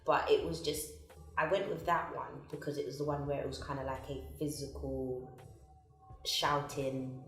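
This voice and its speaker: A woman's voice: rumbling low, little pitch movement, moderate pace, recorded from a distance. A young woman, chatting casually and giggling about her relationship on a couples chat show. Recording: echoey room with music underneath.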